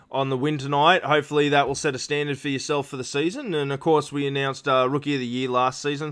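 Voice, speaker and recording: A man's voice: medium pitch, fairly bright tone, smooth. A man hosting post-race interviews on a live stream, rambling with lots of fillers and restarts. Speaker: stream host.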